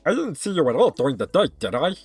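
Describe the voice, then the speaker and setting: A man voicing a boastful, peppy male frog villager who brags loudly. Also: fairly high pitch, very animated, fast, gravelly, faint music behind, voice pushed up. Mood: bragging.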